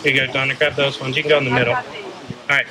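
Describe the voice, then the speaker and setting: A man's voice: medium pitch, flat delivery, racing. An Australian man joking with volunteers as he hosts a live golf trick shot show outdoors. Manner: joking showman, teasing volunteers. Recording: loud crowd and noise outdoors. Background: loud crowd laughing and outdoor noise.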